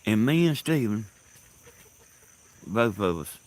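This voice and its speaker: A man telling rambling stories in a casual monologue, halting and laughing loudly at his own tales, recorded outdoors in the countryside. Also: fairly low pitch, big pitch swings. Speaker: host. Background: crickets and insects.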